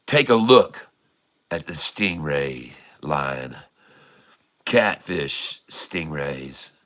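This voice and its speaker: A man's voice: a bass voice, animated, drawn-out words, a bit bright. A middle-aged man hosting a casual livestream, cracking puns and laughing often. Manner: jokey and pun-loving, laughs often. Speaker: livestream host.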